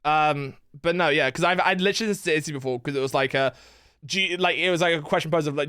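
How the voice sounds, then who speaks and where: A man's voice: fairly high pitch, fast, sharp tone, clear, resonant tone, dry recording, studio quality. A man chatting casually on a live game stream, rambling, laughing and swearing freely. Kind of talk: casual live-stream chat while gaming.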